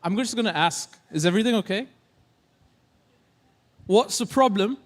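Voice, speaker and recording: Guy mc-ing a tech conference, high voice, joking around with the crowd on stage. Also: expressive, normal speed. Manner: joking, playful, chatty. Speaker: conference emcee. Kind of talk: casual stage banter.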